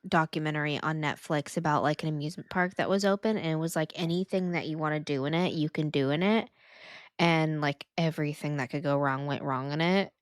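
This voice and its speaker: Low-voiced woman telling a story casually. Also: a little fast, dry recording, studio quality. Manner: rambling, restarts and laughs. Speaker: podcast co-host.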